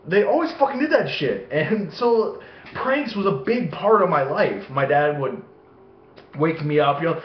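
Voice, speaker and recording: Young adult man, profane rambling storyteller, animated delivery, fairly high voice, dull echoey home recording. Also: moderate pace. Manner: heavy swearing, animated acting-out of voices. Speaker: vlogger. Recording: echoey room, dull lo-fi sound.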